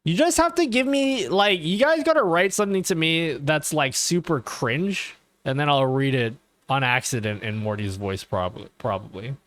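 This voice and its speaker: A man's voice: a little high, animated, normal speed, fairly bright tone, no echo. A man chatting casually on a live stream, rambling, swearing and often checking in with his viewers. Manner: rambling and profane, keeps asking okay. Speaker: livestreamer.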